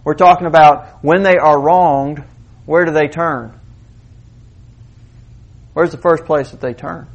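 Animated preacher with a lilt. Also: male voice, a little high, takes it slowly, pauses often, lo-fi sound. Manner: conversational, animated preaching with direct questions to the congregation. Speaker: pastor. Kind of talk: sermon.

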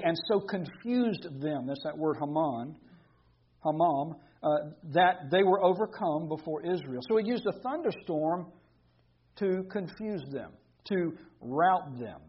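A man's voice: a little high, expressive, moderate pace, slightly rough, lo-fi sound. A man preaching an expository sermon, reading scripture aloud and explaining it with emphatic repetition.

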